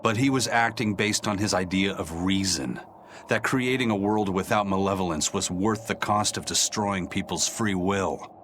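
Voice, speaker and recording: A stern, seasoned fighter speaks in a lowish, gruff, level voice, calm and matter-of-fact. A faint ambient hum sits under the game dialogue. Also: male voice, normal speed. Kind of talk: game voice acting.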